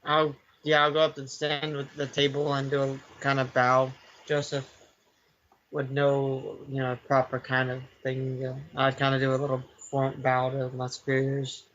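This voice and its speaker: A man's voice: medium pitch, monotone, moderate pace, fairly bright tone. A man playing a tabletop game over a voice call, talking casually. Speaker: player. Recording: dull online voice call with faint noise.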